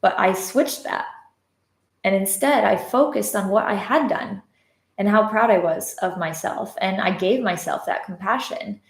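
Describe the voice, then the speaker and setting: A woman's voice: medium pitch, unhurried, creaky, echoey room. A woman hosting a casual live-stream podcast, telling a personal story in a candid, reflective way with frequent fillers. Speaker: podcast host and love coach. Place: indoors at home, live on social media.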